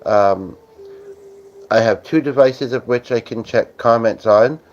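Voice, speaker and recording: A man's voice: medium pitch, a little slow, a little hiss or hum. Rambling man chatting on a livestream. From Canada. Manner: rambling, many fillers, reads viewer comments aloud. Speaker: livestream host. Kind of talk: casual live-stream chat. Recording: slightly dull lo-fi audio.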